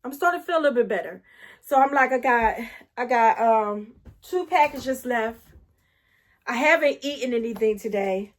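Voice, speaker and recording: A middle-aged woman telling a casual story-time vlog. She speaks animatedly, keeps turning to her viewers with asides, and restarts her sentences often as she gets excited. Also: high voice. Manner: animated, talks straight to viewers with frequent asides.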